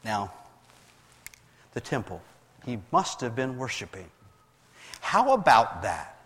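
A man preaching a sermon, reading scripture aloud and explaining it, with many restarts and swings between raised readings and quiet asides. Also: mid-range voice, very animated, takes it slowly, long reverb tail. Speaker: pastor.

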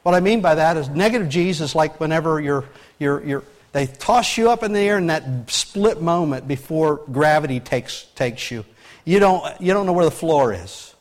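High-voiced male pastor, folksy. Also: lively intonation, normal speed. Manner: folksy, asks the congregation rhetorical questions. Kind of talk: conversational sermon.

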